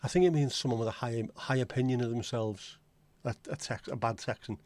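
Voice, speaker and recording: A man with a Liverpool accent chats loosely on a livestream, cracking jokes, swearing casually and calling out viewers by name. His voice sits at an everyday middle pitch. The sound is close and dry, with no room echo. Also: a little fast, a little mellow. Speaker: livestream host.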